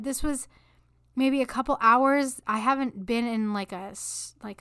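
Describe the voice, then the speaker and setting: A woman's voice: medium pitch, a bit bright, clear, resonant tone, dry recording, studio quality. A woman hosting a podcast, sharing an earnest, emotional faith reflection that rises into impassioned exhortation. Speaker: podcast host. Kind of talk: faith-based personal reflection.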